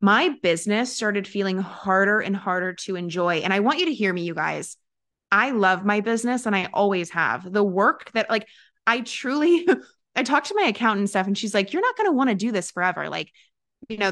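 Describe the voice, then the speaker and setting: Chatty, laughing woman business coach. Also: mid-range voice. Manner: chatty, animated, laughing, many fillers and restarts. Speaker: business coach and podcast host. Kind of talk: casual motivational talk to an audience.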